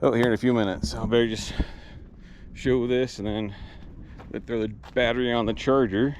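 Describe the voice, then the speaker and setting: A man's voice: mid-range voice, steady tone, normal speed, a little mellow, slight background noise. A man, short of breath, chatting casually and rambling as he works on an old truck for his vlog. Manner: rambling, restarts mid-sentence, plain-spoken. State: out of breath, winded. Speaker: vlogger working on his truck. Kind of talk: casual vlog chat while working.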